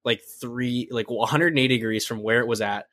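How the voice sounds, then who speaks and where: A young man co-hosting a podcast, retelling a scene in an excited, rambling way full of fillers. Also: mid-range voice, a little fast, dry recording. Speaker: podcast co-host. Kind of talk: casual fan chat.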